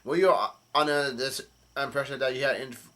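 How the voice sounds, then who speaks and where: A man's voice: medium pitch, steady tone, normal speed, pushed and bright, close to an everyday voice. A man reading the lines of a gloating female witch villain from a comic, in a near-plain voice with slips and restarts. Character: mirror-powered female witch villain, cackling.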